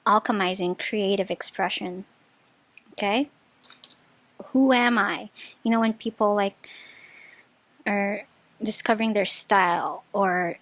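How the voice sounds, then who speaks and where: A woman giving a casual pick-a-card tarot reading, chatty and excitable, often bursting into delighted laughter and restarting her sentences. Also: medium pitch, no room sound. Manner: chatty, full of filler words and restarts. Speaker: tarot reader.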